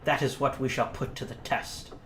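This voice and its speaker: A man playing a terse English gentleman. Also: medium pitch, steady tone, moderate pace, close to an everyday voice. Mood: composed. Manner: clipped, certain, formal. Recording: echoey room, faint hiss.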